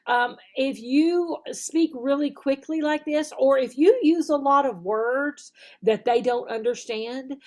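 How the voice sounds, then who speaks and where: A woman talks through teaching techniques for online English lessons. Her voice sits a little high. She keeps stopping to act out example phrases slowly and big, then checks in with "okay?". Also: a little mellow. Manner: demonstrates phrases slowly and exaggerated, tags "okay?". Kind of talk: instructional video talk.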